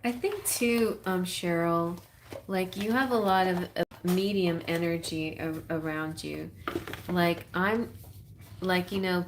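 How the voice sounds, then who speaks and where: A woman's voice: on the low side, background noise. A woman with a Texas accent hosting a live tarot stream, chatting casually in a rambling way, full of fillers and frequent laughs.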